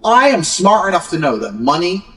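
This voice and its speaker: This English motivational speaker has a high, slightly bright voice, very animated at a normal speed. His talk is a blunt, profane rant full of scorn, and he imitates people in put-on voices to mock them. Faint music sits in the background.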